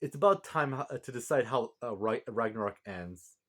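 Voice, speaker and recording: Man doing a slow, lordly old god-king. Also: medium pitch, animated, fairly bright tone. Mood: musing.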